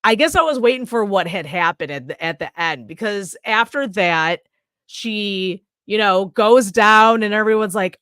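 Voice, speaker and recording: A woman's voice: mid-range voice, expressive, a little slow, fairly bright tone, smooth, no echo, clean studio sound. A woman co-hosting a podcast, casually recapping a horror movie in a rambling way, swearing freely and acting out characters' lines. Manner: rambling, swears freely, acts out scenes in quoted voices. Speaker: podcast co-host. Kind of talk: casual movie review chat.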